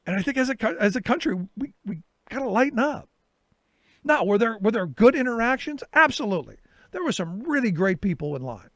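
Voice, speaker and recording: A middle-aged man hosts a talk show and tells a story in a loose, casual monologue, acting out the exchanges he had. His voice sits a little high for a man. The sound is close and dry, with no room behind it. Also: a little fast, no room sound. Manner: animated storytelling, reenacts his own exchanges.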